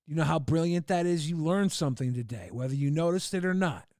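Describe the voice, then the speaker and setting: A man's voice: a little high, quick pace, darkish tone, dry recording, clean studio sound. A man hosting a livestream, chatting casually and crudely while reacting to videos, often laughing and swearing. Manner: crude, laughing, puts on silly voices. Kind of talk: casual profane chat.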